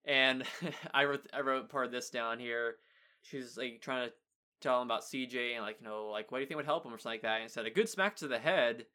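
Young guy w a bright voice, easygoing, retelling an episode, chuckles here and there. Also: mid-range voice, fairly quick, clear, resonant tone. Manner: relaxed, recaps the plot, chuckles. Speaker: podcast co-host. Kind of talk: casual chat reviewing a kids' show episode.

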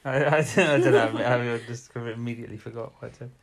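A man's voice: mid-range voice, steady tone, fast, vocal fry. A man co-hosting a casual chat, rambling as he recaps an episode and acts out the characters' lines. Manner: rambling, retells scenes with quoted voices. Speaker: podcast co-host.

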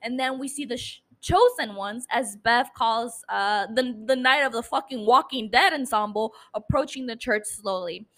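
Brief: female podcast host, slightly high voice, casual and profane, recording at home on a mic. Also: moderate pace, few pauses, fairly bright tone, low-quality recording. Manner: chatty, swears freely. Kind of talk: casual episode recap. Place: home apartment. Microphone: studio mic.

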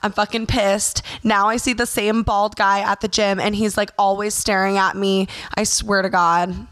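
A young woman venting to camera in a loose storytime rant. She talks bluntly and swears freely, with a steady mid-range pitch and lots of fillers. The delivery is animated and quick. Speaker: vlogger.

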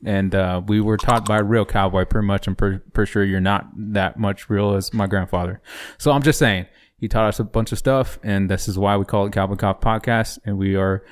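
A man's voice: lowish voice, fairly even intonation, brisk, few pauses, clean tone. Rambling laughing podcast co-host man. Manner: rambling, laughs often, restarts sentences. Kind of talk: casual chat.

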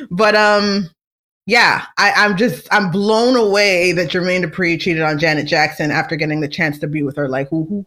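Chatty, filler-heavy podcast host. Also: medium pitch. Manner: chatty and animated, many fillers and restarts. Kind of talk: casual celebrity gossip monologue.

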